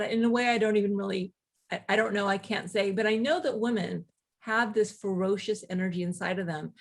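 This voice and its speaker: A woman guest author telling stories in casual conversation, animated, with quick asides and laughter. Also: a little high.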